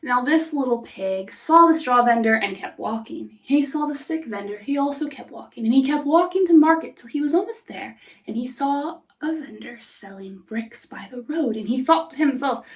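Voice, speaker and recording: A woman narrating a fairy tale softly, often dropping into a whisper. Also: high-pitched, lively intonation, distant mic. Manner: soft, often whispering, unhurried. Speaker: storyteller. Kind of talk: storybook narration.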